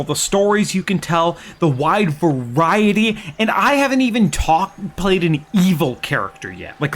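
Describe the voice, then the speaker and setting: Excitable, foul-mouthed young man. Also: on the high side. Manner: excited, profane storytelling. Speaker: gaming streamer. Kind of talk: casual chat.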